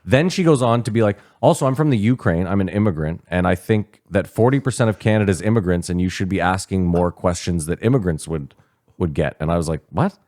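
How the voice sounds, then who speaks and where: A man with a very low voice rattles through a story at speed, acting out both sides of the exchange. He swears casually. The recording is dry and close. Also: fast, no room sound. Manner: swearing, animated retelling with quoted dialogue. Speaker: podcast co-host.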